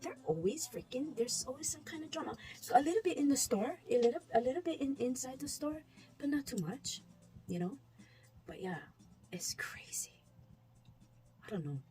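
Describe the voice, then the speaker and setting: A woman's voice: high-pitched, animated, fairly quick, warm tone, soft background music. A woman telling the camera about her shift at a shop, laughing often, repeating herself and acting out what customers said. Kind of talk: casual storytelling to camera.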